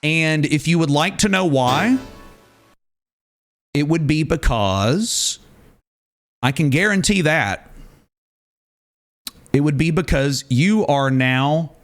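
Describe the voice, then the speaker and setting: A man's voice: on the high side, slow pace, long pauses, soft background music. A male streamer chatting live, ranting emphatically and repeating words for effect. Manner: animated, ranting, emphatic repetition.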